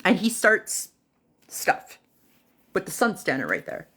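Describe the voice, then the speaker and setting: A woman on a livestream telling a personal story casually and dramatically, pausing often, with fillers and acted-out quotes. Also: mid-range voice, wildly swooping pitch, bright, forceful tone, husky. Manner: dramatic retelling that acts out other people's lines; unhurried, with pauses and fillers.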